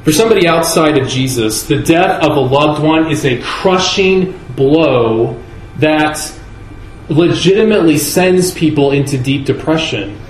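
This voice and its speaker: Male preacher, sermon, slow deliberate delivery, slightly high voice, echoey church hall, faint ambience. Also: slight background noise. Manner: earnest, measured preaching with slow emphatic stresses.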